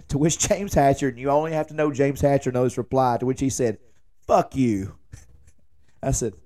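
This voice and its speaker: A man's voice: medium pitch, moderate pace. A man, hosting a podcast and telling a long joking story in a rambling late-night monologue. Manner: rambling, joking, animated when quoting himself. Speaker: podcast host.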